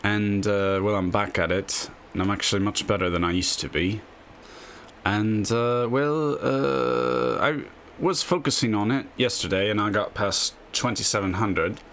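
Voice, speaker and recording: Brief: low-pitched male chess host, offhand and rambling, slight hiss in the background. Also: lively intonation, unhurried, fairly bright tone. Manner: rambling, tags lines with a questioning "yeah?". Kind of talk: casual screen-share explainer.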